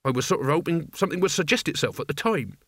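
A man's voice: fairly high pitch, lively intonation, quick pace, a bit bright, no echo, studio quality. A man voicing a weary young hero. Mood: muttering. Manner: weary, muttering, then fierce.

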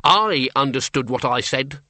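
A bossy middle-aged woman playing at vampire countess, voiced by a man in a raised, bright voice. She puts on genteel airs but turns snappish. The sound is close and dry. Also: on the high side, lively intonation, moderate pace, dry recording, voice pushed up. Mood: haughty.

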